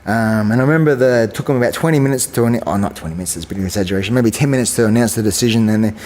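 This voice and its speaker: A man in his forties tells long stories in a relaxed interview. He rambles through fillers and restarts and acts out what others said. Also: lowish voice, rapid-fire, long reverb tail. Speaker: guest, champion kickboxer. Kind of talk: casual storytelling interview.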